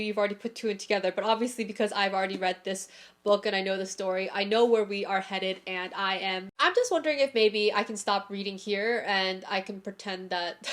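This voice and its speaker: A woman's voice: medium pitch, fairly quick. Young woman, book vlogger, emotional, laughs a lot, casual chat to camera. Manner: gushing, emotional, laughs often. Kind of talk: casual reading vlog with read-aloud passages.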